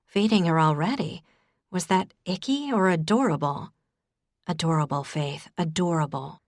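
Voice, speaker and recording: A woman's voice: low-pitched, no room sound. A woman narrating an audiobook with a wry, conversational manner on a close mic. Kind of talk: scripted narration.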